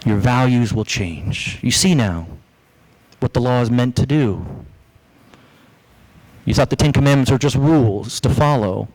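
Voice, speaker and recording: A man preaching a sermon as pastor, lively, acting out the voices he quotes. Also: mid-range voice, a little slow, rough recording. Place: church.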